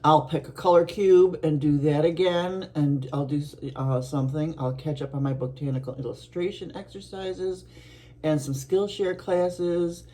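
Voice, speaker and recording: A middle-aged woman from Buffalo, New York, chatting casually to her viewers as an art vlogger, rambling along with soft laughs and restarts. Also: low voice, steady tone, moderate pace. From Buffalo, New York, USA.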